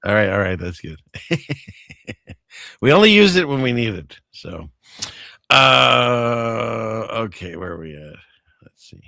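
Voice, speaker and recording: A man's voice: lowish voice, big pitch swings, takes it slowly, creaky, long pauses, sharp tone, no echo, clean studio sound. A man hosting a show in casual livestream chat, rambling and chuckling as he talks to his wife off-mic. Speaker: host.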